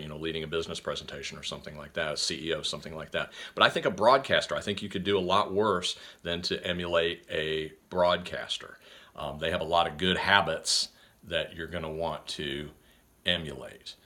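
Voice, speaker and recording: Male host, energetic and rambling, deep and bright, relaxed instructional talk. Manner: energetic, rambling, many fillers and restarts.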